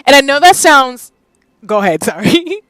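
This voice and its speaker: A woman from Tennessee with a light Southern accent, chatting casually with stream viewers, animated and laughing often. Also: high voice, moderate pace, no echo, low-quality recording. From Southern United States, Tennessee.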